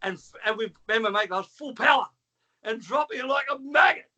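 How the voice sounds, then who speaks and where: A man's voice: very high-pitched, a little fast. A man, a former trainer calling in, telling a long story with lots of swearing and acted-out dialogue. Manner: animated, swearing, acts out dialogue. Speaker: former trainer, guest caller. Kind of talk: storytelling on a call.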